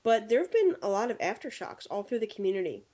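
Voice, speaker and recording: Lady podcast host telling shop stories, lively, kinda muffled sound. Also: mid-range voice, quick pace. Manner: animated storyteller acting out quotes. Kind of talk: casual chat, anecdote telling.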